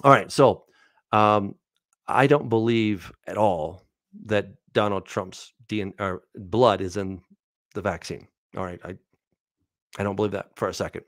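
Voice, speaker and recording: In a dry recording, a man with a lowish voice works through Bible questions sent by viewers. Animated and chatty, he reads scripture aloud, asks rhetorical questions, and keeps dropping "all right" and "right?".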